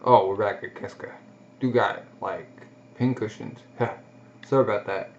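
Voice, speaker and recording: A man's voice: on the low side, fairly even intonation, normal speed. A man giving casual, reactive commentary while he reads a manga aloud, on a dull lo-fi recording. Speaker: manga reader. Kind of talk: casual read-along commentary.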